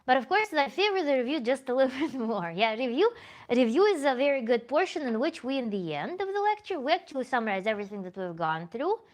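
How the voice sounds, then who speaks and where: A woman's voice: sits high, big pitch swings, fast. A woman tantra coach hosting a livestream Q&A, reading chat comments aloud in a thoughtful, self-correcting way with small laughs.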